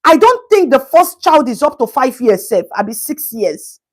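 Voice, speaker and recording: In a high voice, a woman talks her way through a live stream, her pitch swinging widely as she comments. She speaks at a normal speed, stops to greet viewers by name, and drops in asides in Pidgin.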